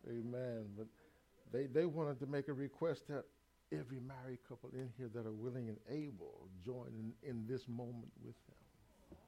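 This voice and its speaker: An older preacher, speaking at an everyday middle pitch. He addresses the congregation in a call-and-response style, dropping amens between his phrases. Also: steady tone, moderate pace, vocal fry, dark tone, slight background noise. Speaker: pastor. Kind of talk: church service address.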